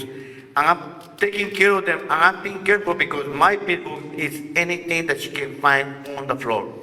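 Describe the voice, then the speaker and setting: A man from Guatemala, a native Spanish speaker, telling a story on a festival stage in an expressive, animated way. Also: fairly high pitch. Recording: echoey hall reverb.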